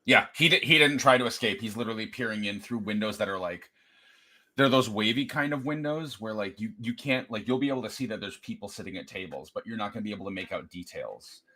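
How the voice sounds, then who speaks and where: Bright-toned low-voiced co-host man. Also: animated, fast. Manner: chatty, agreeable, adds scene details. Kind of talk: casual livestream movie review.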